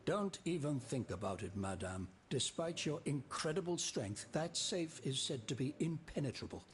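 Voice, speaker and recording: An actor playing a formal, self-important former royal minister in a video game. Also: male voice, a little high, lively intonation, normal speed, a little hiss or hum, natural voice. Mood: pompous. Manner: formal, pompous. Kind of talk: game dialogue.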